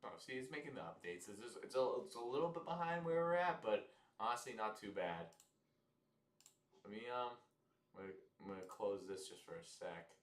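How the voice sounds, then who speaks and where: A man with a fairly low voice talks through a live football game in a loose, chatty way, reacting to each play as it comes. His voice bounces around a roomy, echoey space. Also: lively intonation, a little fast. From United States. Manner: loose, chatty, reacting to plays, mock ad reads. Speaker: host of a live football watch-along stream.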